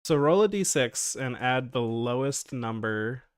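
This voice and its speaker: A man runs a tabletop game in an easygoing way, often laughing and restarting his sentences. His voice sits at a middle pitch, and the sound is close and dry with little room in it. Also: lively intonation, a little slow, clear, resonant tone, no room sound. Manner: casual, laughing, lots of fillers and restarts. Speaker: game master.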